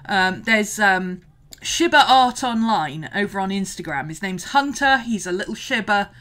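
A woman's voice: medium pitch, lively intonation, normal speed, pushed and bright. A woman hosting a casual art livestream, chatting and greeting viewers, laughing often. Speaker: art teacher and livestream host.

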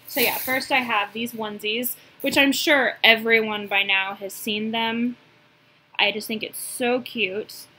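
A young woman with a lilt talks through a casual haul vlog in a bright, slightly high voice. She gushes and fills her pauses with "um". A faint hiss sits under the recording. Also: low-quality recording. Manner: chatty, gushing, many "um"s. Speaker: reborn doll collector showing a haul.

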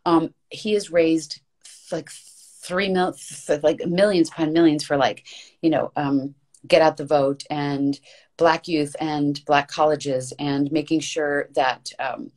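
A woman's voice: low voice, fairly even intonation, takes it slowly, darkish tone. A woman guest in a casual interview, talking earnestly and emphatically, repeating words for stress and restarting her thoughts as she rambles. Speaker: podcast guest, voice actress and coach.

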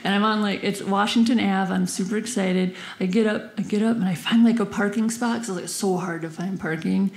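A woman's voice: medium pitch, fairly even intonation, brisk, creaky, hardly any pauses. A young woman telling a stand-up story in a giggly, bubbly way, acting out the voices of the people in it. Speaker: stand-up comedian. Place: comedy club stage. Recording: roomy club sound with audience.

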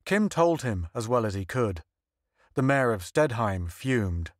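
A man's voice: medium pitch, no room sound. Man narrating an audiobook, dry and close. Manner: steady, measured storytelling. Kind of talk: scripted narration.

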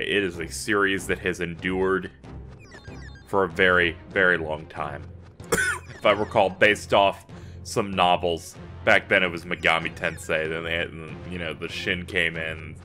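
A man's voice: deep voice, sharp tone. A man commentating his game playthrough, ranting and swearing in exasperation. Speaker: gaming YouTuber. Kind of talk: let's play commentary. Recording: faint game music behind. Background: game music.

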